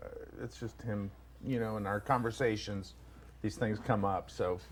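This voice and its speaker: A man acting as the show's sidekick, speaking casually, a little quietly and mumbly, and posing teasing hypotheticals. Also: on the low side, fairly even intonation, moderate pace, slight background noise. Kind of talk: casual chat.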